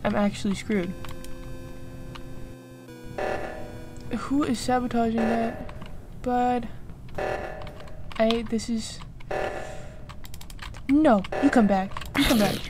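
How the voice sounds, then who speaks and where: Young woman gaming, kinda high voice, slow easy talk, chatty and giggly, music going behind. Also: background noise. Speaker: gaming streamer. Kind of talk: casual gameplay commentary. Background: game music.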